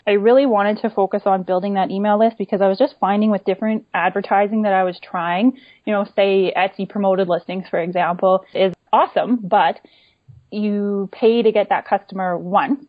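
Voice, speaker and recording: A woman's voice: mid-range voice, steady tone, moderate pace. A woman talks in an easy, explanatory way as an interview guest, often tagging her points with "right?" and "you know". The sound is dull and lo-fi. The room is dead and dry, with no echo at all. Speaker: guest, small online shop owner. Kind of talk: casual interview chat. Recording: dull, lo-fi dry remote audio.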